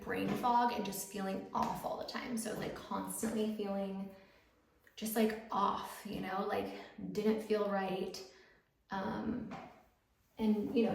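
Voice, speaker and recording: With a mid-range voice marked by vocal fry, a thirtysomething YouTuber talks casually at home as she gets ready, filling her chatter with fillers. There's a roomy echo and faint noise in the background.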